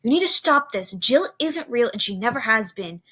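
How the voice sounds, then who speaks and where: A woman's voice: a little high, animated, normal speed, husky, full character voice. A woman doing a stern, angry father. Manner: stern, close to shouting. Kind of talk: storybook reading.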